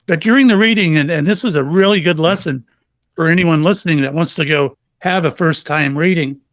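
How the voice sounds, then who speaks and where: A man's voice: on the high side, brisk, no echo. A middle-aged man, a psychic medium guest, telling stories in a casual interview and acting out the quotes. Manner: animated storyteller, acts out quotes.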